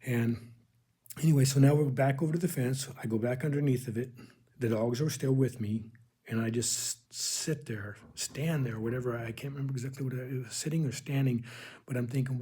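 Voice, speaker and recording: Husky-voiced man telling an earnest spiritual testimony. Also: medium pitch, fairly even intonation, mellow. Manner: earnest, halting, addresses listeners as "people". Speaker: religious video host.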